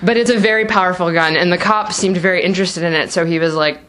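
A woman's voice: fairly low pitch, fast talker, fairly bright tone. Giggly rambling woman telling a story. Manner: rambling, laughing, filler-heavy. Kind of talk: live personal storytelling. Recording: noisy live recording.

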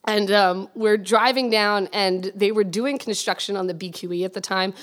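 A young woman telling a personal story in quick, casual speech, full of fillers and swearing. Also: mid-range voice. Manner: rapid, filler-heavy, animated and swearing. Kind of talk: casual spoken anecdote.

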